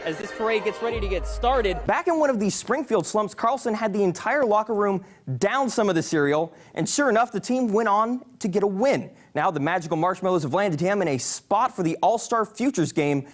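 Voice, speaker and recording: A young man reporting sports news for local television in an upbeat, crisp delivery. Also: sits high, animated, a little fast, no echo, studio quality.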